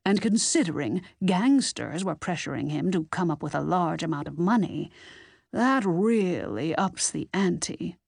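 Brief: a woman playing older lady, measured and explanatory, lowish, dry close read. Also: lively intonation, creaky, a little mellow, husky, no room sound, heavily acted.

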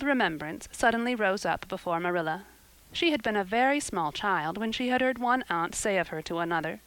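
A woman narrating an audiobook of a classic novel in a measured, expressive storytelling manner. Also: on the low side, no echo, rough recording. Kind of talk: scripted narration. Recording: close and dry.

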